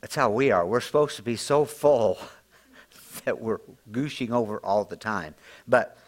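A man preaching an informal, folksy sermon, often climbing higher and louder as he drives a point home. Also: expressive, unhurried. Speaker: pastor.

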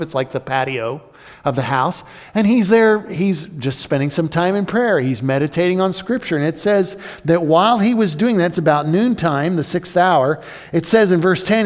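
A male preacher delivering a sermon, explaining a scripture passage in an animated, storytelling manner. His voice sits fairly high for a man. A long reverb rings from the church hall around him.

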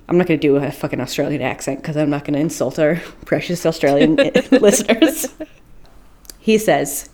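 A woman with a slightly low voice co-hosts a chatty podcast. She rambles through a spooky tale in a loose, casual way, swearing freely and laughing at her own stumbles. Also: normal speed, darkish tone. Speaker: podcast co-host. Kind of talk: casual storytelling chat.

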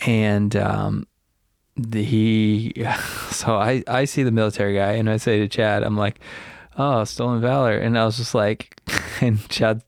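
A man in casual chat, telling a long story with lots of fillers and restarts and loudly acting out the people in it. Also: lowish voice, fairly even intonation, a little slow, creaky, dry recording, studio quality. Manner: acts out quoted people loudly.

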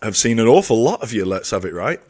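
A man's voice: lowish voice, big pitch swings, fast, a little mellow. An English man co-hosting a podcast, chatting and teasing his co-host in casual banter. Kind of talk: casual chat.

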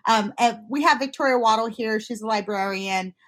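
A woman's voice: a little high, normal speed, fairly bright tone. A woman interviewing an author in a casual, rambling way, laughing often and gushing about the book. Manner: giggly, rambling, enthusiastic.

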